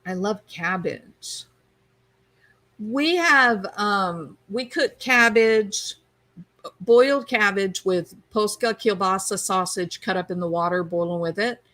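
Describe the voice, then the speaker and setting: Reading her viewers' comments aloud, a woman chats casually on her livestream. She speaks at a medium pitch with a slightly bright tone, though the audio is poor.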